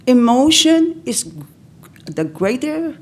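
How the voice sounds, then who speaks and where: An older woman from the Philippines, giving emotional public comment at a county board meeting, pleading and halting with broken-off restarts, close to tears. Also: high voice, very animated.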